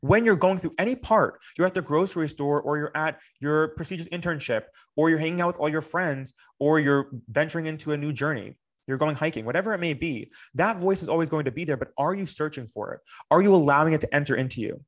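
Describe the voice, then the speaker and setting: A man's voice: fairly high pitch, fast talker. A young man giving a spoken Torah class in an earnest, reflective way, repeating phrases for emphasis. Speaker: Torah teacher.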